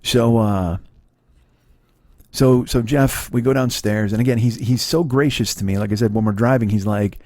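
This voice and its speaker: A middle-aged man tells a long story on his podcast in a loose, rambling way, swearing freely and poking fun at himself. His voice sits at an ordinary mid pitch. The sound is close and dry, with no room echo. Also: moderate pace, mellow. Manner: rambling, profane, self-deprecating, many restarts. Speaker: podcast host. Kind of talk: casual storytelling monologue.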